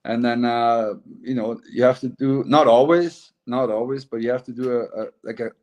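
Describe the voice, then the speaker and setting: A man's voice: mid-range voice, moderate pace, muffled recording. A middle-aged man, a former hockey player talking as a guest in a casual, rambling interview. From Germany. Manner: relaxed, rambling, laughs easily.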